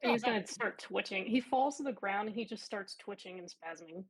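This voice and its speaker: A woman's voice: medium pitch, a little fast, slightly rough, poor audio. A woman player vividly describing her monster character's actions in a tabletop game.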